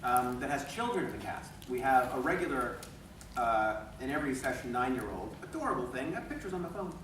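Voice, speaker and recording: A man's voice: medium pitch, a little fast. Guy telling voice acting stories at a con panel, bouncy, echoey far-off hall. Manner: animated, laughing, acting out quotes. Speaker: voice actor on a convention panel. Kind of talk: storytelling at a convention panel. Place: convention panel room. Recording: echoey hall recorded from far off with room noise.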